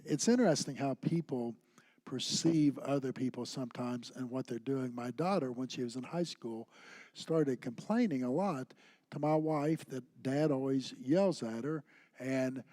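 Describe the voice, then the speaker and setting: A man with an ordinary middle-range voice co-teaches a church class. He tells personal stories in a lively, anecdotal way, and the recording is dry and close. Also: medium pitch, a little slow, dry recording. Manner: anecdotal, animated storyteller. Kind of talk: conversational church class talk.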